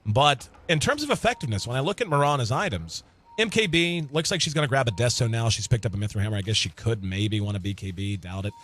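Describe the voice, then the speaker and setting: A man doing live video game commentary in a relaxed, conversational way, thinking aloud with the occasional filler and an easy laugh. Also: mid-range voice, quick pace. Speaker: esports commentator.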